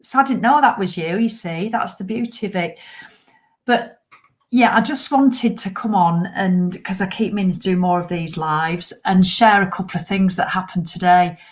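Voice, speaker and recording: A woman's voice: medium pitch, normal speed. A woman in her fifties chatting live to viewers, rambling, self-mocking and swearing for comic effect. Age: 50s. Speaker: livestream host. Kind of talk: casual live chat to viewers.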